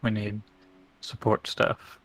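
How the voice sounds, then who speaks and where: A man's voice: takes it slowly, fairly bright tone. A man playing a tabletop game, speaking in a matter-of-fact way. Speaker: player.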